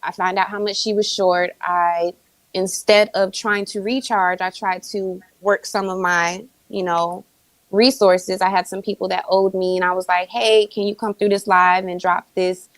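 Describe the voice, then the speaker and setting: A woman guest recounts events in a casual live chat, explaining steadily and filling pauses with "um" and "you know." The sound is dry and close, with an ordinary middle pitch. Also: level tone, no room sound, low-quality recording. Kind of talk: casual storytelling.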